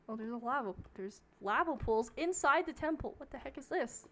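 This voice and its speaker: A woman's voice: high-pitched, expressive, moderate pace, fairly bright tone. A young woman streaming a game, rambling through a story in a casual rant and saying "like" in nearly every phrase.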